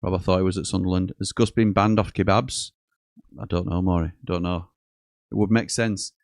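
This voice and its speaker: A man's voice: deep voice, steady tone, normal speed, a little mellow, dry recording, clean studio sound. A man hosting a live football watchalong, chatting casually, joking and reading out viewer messages. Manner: chatty, jokey, reads out messages and chuckles often.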